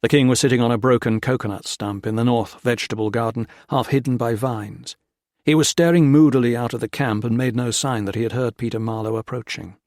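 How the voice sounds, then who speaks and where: Male audiobook narrator, mid pitch, dry studio read. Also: steady tone, a little fast, a little mellow, no echo. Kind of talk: scripted narration.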